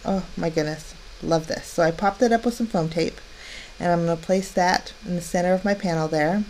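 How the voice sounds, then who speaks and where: A woman's voice: lowish voice, brisk, darkish tone, slight background noise. A woman narrating a card-making tutorial, chatty and step-by-step, delighted with her work.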